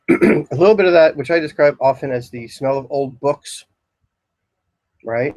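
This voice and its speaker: A man's voice: medium pitch, a little slow, darkish tone, no room sound, low-quality recording. Rambling man. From Philadelphia area, US. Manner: rambling, descriptive, many ums. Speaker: incense store lecturer. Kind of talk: casual product talk. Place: shop, indoors.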